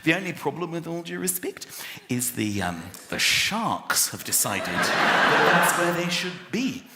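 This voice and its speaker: A man doing a stand-up comedy routine, animated, slipping into other voices and shouting punchlines. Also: fairly high pitch, measured pace, heavy background noise. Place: large venue with a live audience. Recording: echoey live hall with loud crowd laughter.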